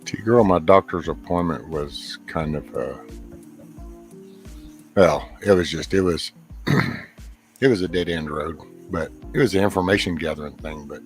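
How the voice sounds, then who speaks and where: A man's voice: sits low, unhurried, pauses often, faint music behind. A man with a Texan accent chatting casually as host, rambling and clipping his words short. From Texas, USA. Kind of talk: casual chat.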